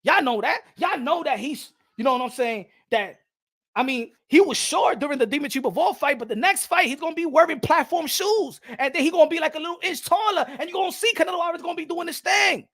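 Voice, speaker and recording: A man's voice: extremely high pitch, animated, a little fast, a bit bright. A man doing casual, rambling and sarcastic boxing commentary in slangy talk.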